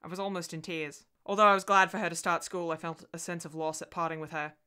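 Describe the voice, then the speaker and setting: A woman reading a ghost story aloud in an expressive way and voicing the dialogue herself. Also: on the low side, fast talker, clean tone.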